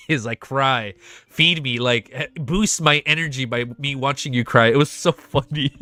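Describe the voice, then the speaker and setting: A male streamer reacting excitedly and emotionally on a live stream, swearing often, his nose congested from a cold. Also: on the high side, a little fast, dry recording. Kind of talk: live reading reaction chat.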